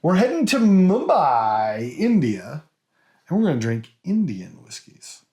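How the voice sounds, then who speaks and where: A man co-hosting a casual whisky podcast, quizzing his co-host with big swings in his voice. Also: measured pace. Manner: animated quiz-master teasing, big pitch swings.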